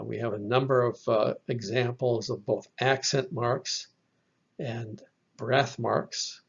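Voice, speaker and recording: A man teaching a slide lesson, explaining slowly and patiently with the odd filler. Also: mid-range voice, vocal fry, breathy edge. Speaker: Bible language teacher. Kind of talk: slide lecture. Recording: dull lo-fi recording.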